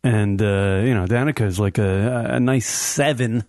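A man's voice: on the low side, normal speed, a little mellow, dry recording. Brash, ranting young man, dry sound. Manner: brash, rambling, swearing rants. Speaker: co-host. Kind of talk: casual crude comedy banter.

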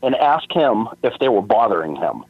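A man's voice: fairly low pitch, big pitch swings, moderate pace, no room sound. A man from Boston calling in to a radio show, tipsy and laid-back in casual chat. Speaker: caller. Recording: dull lo-fi phone line.

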